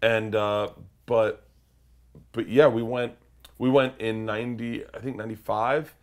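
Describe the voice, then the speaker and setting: A man's voice: fairly low pitch, fairly even intonation, a little slow. A man in his forties telling a story in an interview, rambling and cutting himself off as he quotes people. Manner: rambling, self-interrupting, quotes others in character. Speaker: comedian guest.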